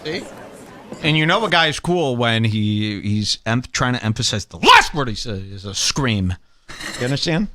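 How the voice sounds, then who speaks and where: A man's voice: mid-range voice, big pitch swings, moderate pace, bright, forceful tone. A man hosting a podcast in casual comedic chat, sarcastic and profane with a mock-tough manner. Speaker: podcast host.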